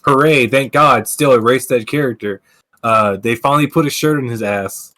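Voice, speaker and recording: Guy ranting on his stream podcast, swears a ton, says like constantly, normal pitched voice. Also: moderate pace, pushed and bright. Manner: profane, ranting, lots of filler words. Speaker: podcast host. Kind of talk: casual gaming podcast chat. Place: streaming setup.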